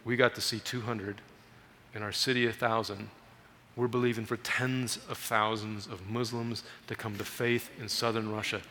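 A man preaching as a guest missionary in a church, telling stories in an animated way and raising his voice for emphasis. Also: lowish voice, normal speed, long reverb tail, slight background noise. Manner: animated storytelling, raises voice for emphasis. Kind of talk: sermon. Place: church sanctuary.

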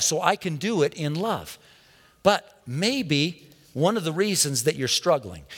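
A man preaching with a fairly high voice. He drives his points home in repeated, emphatic refrains and calls out questions to the congregation. His voice rings with the long reverb of a large hall. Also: fairly bright tone. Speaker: pastor. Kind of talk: sermon.

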